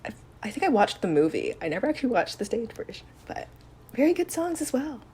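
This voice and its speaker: A woman's voice: a little high, big pitch swings, fast, dark tone, breathy edge. Murmuring young woman co-host. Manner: laughing, trailing off into murmurs. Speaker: podcast co-host. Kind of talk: casual chat.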